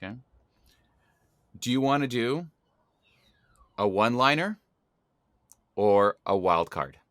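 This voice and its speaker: A male podcast host with a bright, forceful voice and a playful, showy way of running segments. The sound is close and dry, with no room tone around him. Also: mid-range voice, animated, slow, dry recording. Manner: playful, theatrical announcing. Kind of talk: casual podcast hosting.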